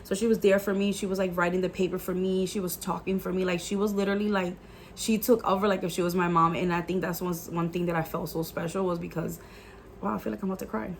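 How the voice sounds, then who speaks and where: An earnest woman recounts a personal faith testimony to her viewers in a casual vlog. She sounds emotional, leans on "like" constantly and drops in the odd Spanish phrase. Her voice sits at a middle pitch over a faint background hiss. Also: little pitch movement, fast talker. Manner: earnest and emotional, many "like" fillers. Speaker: YouTuber sharing a faith testimony.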